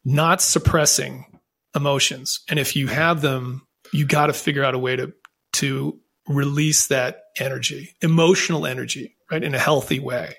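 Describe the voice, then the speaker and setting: A man's voice: medium pitch, fairly even intonation, moderate pace, creaky, a bit bright, husky. A man telling his own story as a podcast guest, in an earnest, reflective way with frequent restarts. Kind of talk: candid conversational storytelling.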